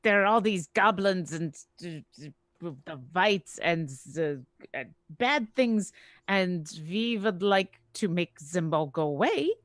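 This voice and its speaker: A woman's voice: lowish voice, animated, takes it slowly, fairly bright tone, no echo, clean studio sound. A woman playing a tabletop game, chatting playfully with her group. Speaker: player.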